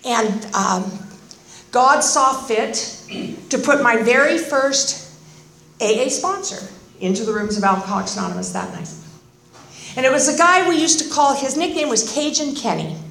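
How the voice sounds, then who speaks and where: A woman's voice: high-pitched, normal speed. A woman in her fifties giving a humorous, sarcastic personal testimony at a recovery meeting, acting out voices as she goes. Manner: animated, sarcastic, acts out voices. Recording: roomy echoing meeting hall.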